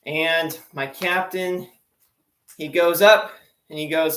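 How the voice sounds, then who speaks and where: Young male comic, slightly high voice, chatty and rambling, roomy echo. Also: steady tone, takes it slowly, a bit bright. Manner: chatty, rambling storyteller with lots of fillers. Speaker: stand-up comedian. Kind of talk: joke-telling sea stories. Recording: echoey room.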